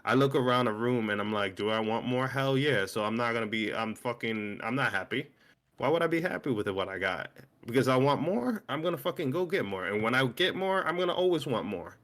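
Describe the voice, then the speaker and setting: A man's voice: medium pitch, lively intonation, a little fast, fairly bright tone. A young man in casual podcast chat, rambling and swearing, with many restarts. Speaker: co-host.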